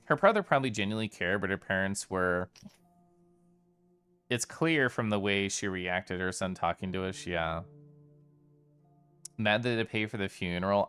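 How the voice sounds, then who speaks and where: Smooth-voiced male game streamer. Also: low voice, measured pace, long pauses, a bit bright, soft background music. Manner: chatty and reflective, greeting chat viewers. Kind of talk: live game commentary.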